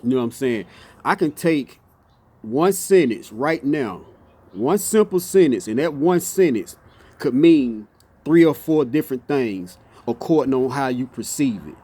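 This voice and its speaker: Passionate man with a lively voice. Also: mid-range voice, measured pace, slightly rough. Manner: passionate, repeats "you see what I'm saying", stumbles and restarts. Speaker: motivational speaker. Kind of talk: impassioned off-the-cuff monologue.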